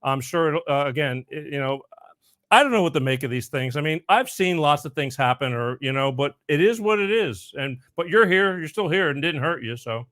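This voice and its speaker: A man's voice: a little high, animated, brisk, a bit bright, no room sound, studio quality. A middle-aged man hosting a podcast, chatting casually and rambling a bit. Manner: rambling, self-interrupting. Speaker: podcast host. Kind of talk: casual chat, telling a joke.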